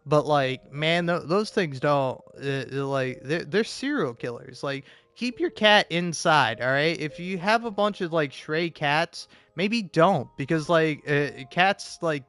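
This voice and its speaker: A man's voice: fairly high pitch, fairly bright tone, smooth. A man live streaming a game, rambling casually with lots of fillers, stammers and swearing. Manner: meandering, profane, stammering with many fillers.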